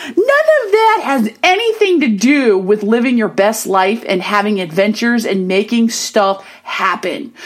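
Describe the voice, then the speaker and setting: A woman in her thirties vlogging casually to camera, telling a chatty story and giving upbeat, motivational pep talk. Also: high voice. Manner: animated, chatty storytelling with acted-out self quotes.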